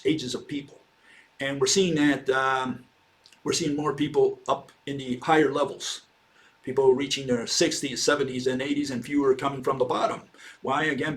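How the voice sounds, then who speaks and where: A man giving an informal slide lecture, loose and conversational, with frequent fillers and "okay". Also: medium pitch.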